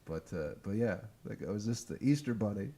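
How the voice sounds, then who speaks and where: A comedian in a casual podcast chat, easygoing and wry. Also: male voice, on the low side, lively intonation, fairly quick, a crowd in the background. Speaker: comedian guest.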